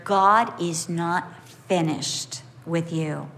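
A woman preaching a sermon, emphatic and expressive, repeating key phrases and acting out the voices of others. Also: unhurried, in a large hall. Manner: expressive, acts out voices with big pitch swings; emphatic repetition.

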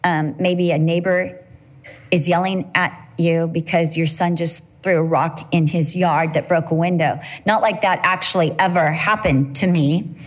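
A middle-aged woman preaching a sermon at church, telling personal stories in an animated, humorous way. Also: fairly low pitch, unhurried.

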